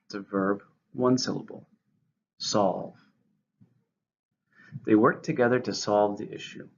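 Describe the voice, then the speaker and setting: A man's voice: fairly low pitch, steady tone, brisk, gravelly, slight background noise. A man teaching English vocabulary, methodically giving syllables, stress and example sentences. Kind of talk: vocabulary lesson, reading definitions and examples. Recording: muffled lo-fi recording.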